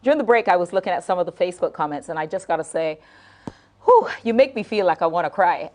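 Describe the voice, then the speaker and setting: A woman's voice: lowish voice, lively intonation, quick pace, darkish tone. A middle-aged woman hosting a live late-night talk show, heartfelt and emotional, repeating phrases and stumbling over her words as she talks to viewers.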